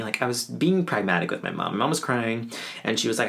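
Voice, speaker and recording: A man's voice: fairly low pitch, animated, quick pace, gravelly, fairly bright tone. A man in his twenties telling a personal story in a casual, wry, offhand way, mocking himself now and then. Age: 20s. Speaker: vlogger.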